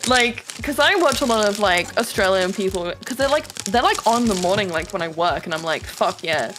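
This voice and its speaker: Expressive swearing woman streamer. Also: mid-range voice, fairly quick, background noise. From UK, Scottish-Irish family. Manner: expressive, swears, laughs often. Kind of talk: casual stream chat.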